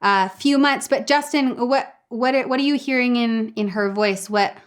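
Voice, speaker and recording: A woman vocal coach hosts a live online singing lesson, praising her students and handing over to a colleague in a relaxed, conversational way. Her voice is a little high, and she talks at a normal speed.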